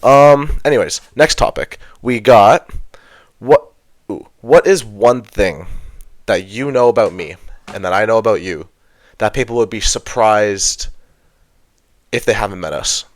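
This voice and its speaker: A man's voice: on the low side, expressive, a little slow, long pauses, no echo. A young man co-hosting a podcast, chatting casually in a laid-back, rambling way. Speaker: podcast co-host.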